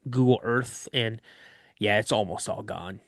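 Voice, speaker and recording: A man guest on a podcast, telling a story of an encounter in an animated way and acting out other people's voices. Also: fairly low pitch, measured pace, dry recording, studio quality.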